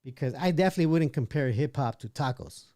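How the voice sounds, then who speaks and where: A man's voice: mid-range voice, expressive, quick pace, mellow, no echo, studio quality. A man hosting a casual livestream, reading chat messages aloud and giving his opinions with frequent restarts. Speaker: livestream podcast host.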